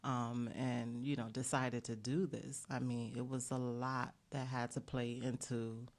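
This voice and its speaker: A woman's voice: rumbling low, level tone, unhurried. A middle-aged woman from the United States, talking as a guest in an interview and telling an earnest story with many fillers. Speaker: bakery owner, guest.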